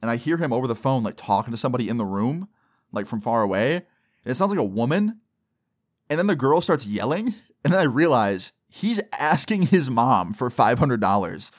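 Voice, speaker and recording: A young man telling a storytime vlog in a loose, slangy way, dropping plenty of fillers. His voice is mid-pitched and sounds dry and close to the mic. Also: very animated, moderate pace, dry recording. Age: young adult. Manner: casual, slangy, lots of "bro" and "like". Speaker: vlogger. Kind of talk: casual storytime monologue.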